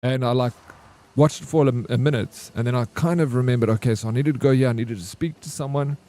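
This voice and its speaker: A man's voice: medium pitch, fast talker, warm tone. A young man, chatting casually with his stream while playing a game, slangy and laid-back. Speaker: gaming streamer.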